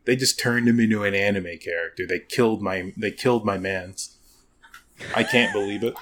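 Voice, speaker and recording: A man's voice: fairly low pitch, normal speed, noisy background. A young man in casual gaming chat, rambling and sarcastic with lots of slang.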